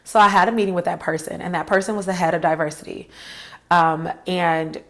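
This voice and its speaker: A woman's voice: fairly low pitch, fairly even intonation, fairly quick, a bit bright. A woman in her thirties telling a personal career story to her viewers, candid and emphatic, speaking to them directly. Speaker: career vlogger.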